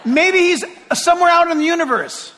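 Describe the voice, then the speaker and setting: A man's voice: very high-pitched, lively intonation, takes it slowly, fairly bright tone, long reverb tail, slight background noise, pitched above the performer's own voice, exaggerated voice. A man playing a teasing prophet who mocks his rivals, during a sermon. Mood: mocking. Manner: sarcastic, teasing. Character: mocking male prophet taunting rivals.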